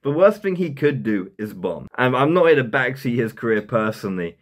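A man's voice: medium pitch, sing-song, fairly quick. Rambling young man doing commentary. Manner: rambling, laughs at his own jokes. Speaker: commentary YouTuber. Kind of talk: casual comedic commentary.

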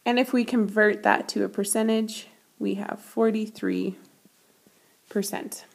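A woman teaching math as she reads a picture book aloud, her voice mid-pitched and steady. She explains each term patiently and clearly, like a classroom lesson. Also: a little slow.

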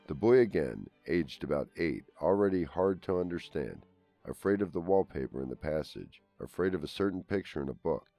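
A man reading a literary short story aloud as an audiobook narrator, in a measured, even storytelling manner. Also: deep voice, no echo. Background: faint string trio music.

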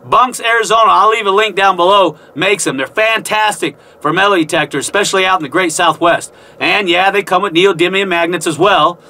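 A man's voice: sits high, fairly quick, hardly any pauses, sharp tone. A man hosting a casual vlog as a gold prospector from inside a narrow mine tunnel, folksy and jokey, with whooping exclamations. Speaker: gold prospector and channel host. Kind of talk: casual show-and-tell vlog.

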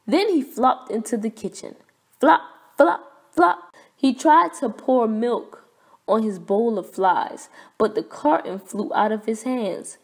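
A woman reading a children's picture book aloud in a clear, expressive, deliberate way. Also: a little high. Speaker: storybook reader. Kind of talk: children's read-aloud narration.

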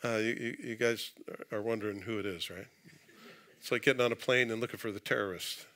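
A man preaching to his congregation in a church, his voice bright and forceful. He reads scripture and then breaks into casual, joking asides. His delivery stays conversational throughout. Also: lowish voice, fairly even intonation, fairly quick. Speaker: pastor. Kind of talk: sermon. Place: church sanctuary.

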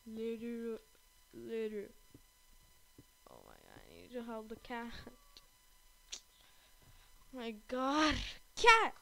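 A woman giving excited gameplay commentary, gasping and repeating her exclamations often, with her face kept off camera. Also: fairly high pitch, slow pace, creaky, pauses often, poor audio. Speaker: gaming channel host. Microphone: off-camera voice-over during gameplay.

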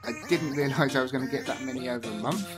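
A man's voice: medium pitch, quick pace, loud music behind the voice. A British man chatting casually and giggling as he reacts to a cartoon episode, often trailing off mid-sentence. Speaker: reaction commentator. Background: cartoon episode soundtrack playing.

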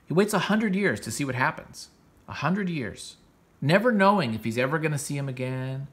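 A man's voice: on the high side, lively intonation, moderate pace, a bit bright, slightly rough. A man hosting a comics show, casually retelling a comic book story in a rambling, enthusiastic way with frequent restarts.

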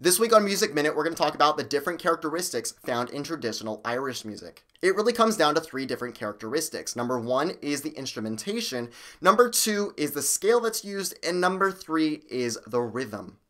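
A man hosting a music theory lesson, explaining with an energetic, bouncy delivery. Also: a little high, a little fast. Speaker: music theory teacher and host. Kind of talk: upbeat video music lesson.

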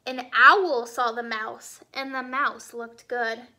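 A woman's voice: fairly high pitch, fairly even intonation, slow, few pauses, pushed and bright. A young woman teacher leading a children's read-aloud lesson, asking and answering cheerful questions.

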